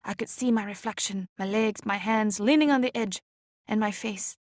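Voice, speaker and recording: A woman reading an audiobook chapter aloud in a measured, expressive way. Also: medium pitch, no room sound, clean studio sound. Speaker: audiobook reader. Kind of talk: scripted narration.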